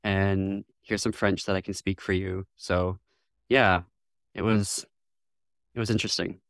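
A man's voice: low-pitched, little pitch movement, a little slow, creaky, a bit bright, dry recording, clean studio sound. A man from Michigan as a guest in an interview, speaking thoughtfully, laughing often and acting out what others said. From Northwest Lower Michigan, US. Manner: thoughtful, laughs often, acts out quoted voices. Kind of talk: reflective interview conversation.

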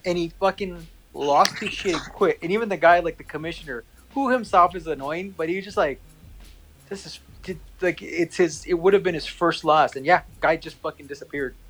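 A man in casual chat, telling a story in a profane, animated way and acting out quoted lines. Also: fairly high pitch, a little fast, hardly any pauses, low-quality recording.

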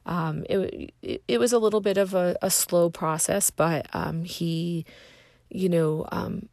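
Low, gravelly woman sharing a testimony. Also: steady tone, a little mellow, no echo, studio quality. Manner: earnest, halting, searching for words. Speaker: speaker sharing a personal story. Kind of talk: personal faith testimony.

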